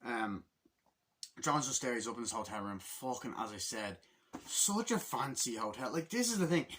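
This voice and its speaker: A man giving a casual movie review, excitable and very profane, acting out the scenes he describes. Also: medium pitch, normal speed, a little hiss or hum. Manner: excitable and heavily profane, acts out scenes in loud impressions.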